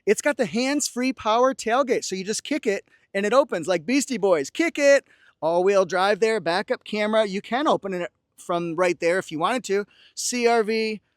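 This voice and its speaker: A man's voice: high-pitched, no echo, studio quality. A man doing an upbeat car walkaround review, pointing out features with playful asides and joking song quotes. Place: car dealership lot and car interior.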